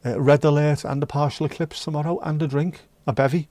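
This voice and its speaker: Reading out his viewers' messages, this livestream host chats casually, cracks jokes, and sings snatches of songs. He speaks fairly quickly in a fairly high, steady, darkish voice. There's no room sound at all.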